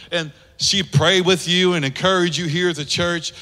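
A man's voice: high-pitched, steady tone, moderate pace, bright, forceful tone. A man preaching a sermon as a pastor, acting out quoted voices and calling on the congregation to answer. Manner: acts out quoted voices, asks the congregation to respond. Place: church sanctuary. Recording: long church hall reverb.

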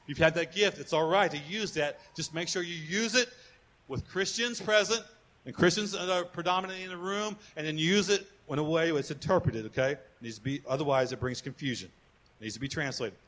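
High, bright-voiced male pastor preaching. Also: a little fast. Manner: animated, calls on the congregation to respond, repeats words when building a point. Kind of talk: sermon.

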